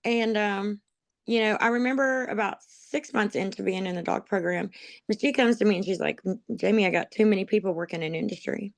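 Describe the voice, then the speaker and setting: A woman gives a personal testimony close to the mic in a dry, deadened room. She rambles through her memories with plenty of ums and little laughs at herself, at a middling pitch, and turns emotional as she talks. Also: fairly quick, creaky, no echo. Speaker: interviewee, dog program graduate. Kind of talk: personal testimony, conversational storytelling.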